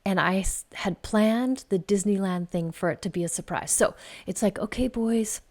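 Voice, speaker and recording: A middle-aged woman, a podcast host and life coach, telling a personal family story in a chatty way, laughing often and dropping to a soft whisper at tender points. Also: medium pitch, normal speed.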